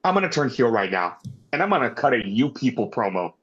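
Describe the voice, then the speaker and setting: A man co-hosting a casual wrestling review podcast, animated and swearing as he rants in mock anger. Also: medium pitch, brisk, highs cut off. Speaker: podcast co-host.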